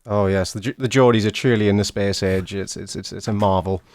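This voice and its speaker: A man co-hosting a comedy podcast with mock-earnest, deadpan remarks. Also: lowish voice, brisk, a little hiss or hum. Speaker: podcast co-host. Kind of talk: casual comedic interview.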